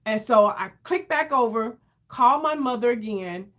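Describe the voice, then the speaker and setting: A woman telling an emotional story to her viewers in a casual, animated way, calling them y'all and acting out what others said. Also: fairly high pitch, normal speed. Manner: animated, addresses viewers as y'all, acts out quoted voices. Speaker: vlogger.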